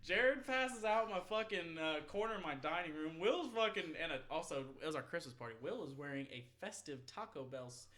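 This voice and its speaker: Twenties male podcast host, slightly high-pitched, loose and profane, rambles through stories with frequent laughter. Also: lively intonation, a little fast, hardly any pauses, a bit bright. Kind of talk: casual storytelling chat.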